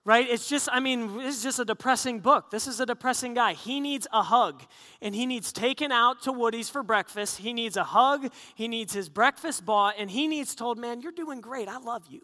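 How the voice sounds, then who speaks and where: A middle-aged male pastor delivers a sermon in a high, bright voice. He tells stories with animated, self-deprecating humor. His words ring out with a long reverb in a church hall. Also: normal speed.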